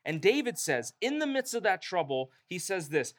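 Pastor, male, emphatic sermon delivery, slightly higher voice. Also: big pitch swings, moderate pace. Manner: emphatic preaching with rising emphasis.

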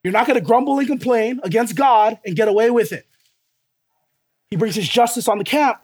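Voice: medium pitch, a little fast. A preacher giving a sermon with emphatic, repeated phrases and rhetorical questions put to the listeners.

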